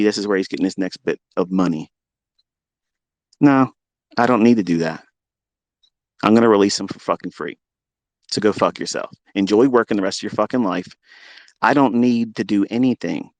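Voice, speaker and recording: A combative man talks at an ordinary middle pitch, swearing and taunting as he goes. His voice sits close and dry, with almost no room sound around it. He speaks as a trading teacher in a raw, unscripted monologue. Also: no echo. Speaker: trading educator. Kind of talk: profane monologue rant.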